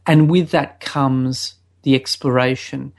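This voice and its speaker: A man co-hosting a sex-education podcast, speaking in a measured, thoughtful way with drawn-out phrasing. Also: medium pitch, steady tone, vocal fry. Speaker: podcast co-host. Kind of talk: casual sex-education chat.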